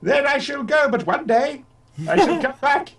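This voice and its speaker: A man putting on the voice of a fussy, pompous old gentleman who blusters and chuckles. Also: very high-pitched, expressive, normal speed, creaky, distant mic, voice pushed up, heavily acted. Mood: blustering.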